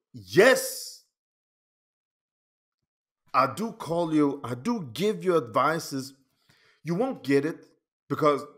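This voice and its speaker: A man who is not a native English speaker, talking through a falling-out with a friend in a rambling, heated monologue, often checking "okay?" and swinging between loud outbursts and quiet asides. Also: mid-range voice. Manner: rambling, repetitive, keeps asking "okay?". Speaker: channel host. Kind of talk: emotional personal vlog monologue.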